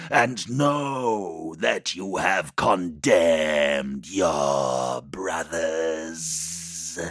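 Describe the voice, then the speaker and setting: A man's voice: low-pitched, dry recording, clean studio sound. A man narrating an action audiobook in a dramatic, intense scripted style.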